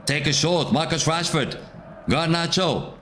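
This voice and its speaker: Man, unhurried live streamer who repeats himself to rally chat over faint background hiss. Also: on the high side, lively intonation, fairly bright tone. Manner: repeats phrases, urges chat, erupts when a goal goes in. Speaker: watchalong streamer. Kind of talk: live match commentary to chat.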